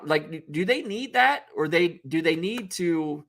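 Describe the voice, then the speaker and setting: A man's voice: on the high side, expressive, measured pace, vocal fry, a bit bright. Guy coach rambling about leadership, lots of restarts, acts out what coaches say. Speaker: youth football coach and podcast co-host. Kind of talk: unscripted debate chat.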